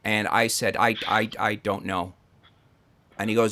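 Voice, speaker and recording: Male podcast host, bright tone, loose crude storytelling in casual chat. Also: fairly low pitch, fairly even intonation, moderate pace.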